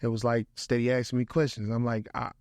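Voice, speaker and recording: A young adult motivational speaker from St. Louis talks fast at a medium pitch while telling a casual story as a guest. He's lively and slangy, leaning on "bro," and the recording sounds close and dry with no echo.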